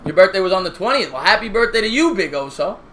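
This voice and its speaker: New guy in his 30s doing play by play on a stream, high bright voice, joking with chat. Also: big pitch swings, fast. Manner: chatty, jokey, reads viewer comments aloud. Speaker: live stream play-by-play host. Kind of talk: casual play-by-play with chat shoutouts.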